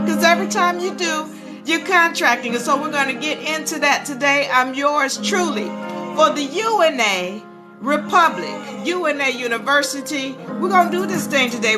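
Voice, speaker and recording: A woman hosting a live stream about law, talking to her viewers in a chatty, animated way and sometimes breaking into sing-song. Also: high-pitched. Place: live social-media stream. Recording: live stream with music playing behind.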